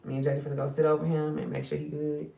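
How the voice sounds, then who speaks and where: A woman's voice: low voice, level tone, very fast, gravelly, reverberant, far from the mic, muffled recording. A tired woman talking at night to her viewers in a casual, emotional vlog. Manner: tired, emotional, talks straight to viewers as sisters. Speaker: spiritual card reader and channel host.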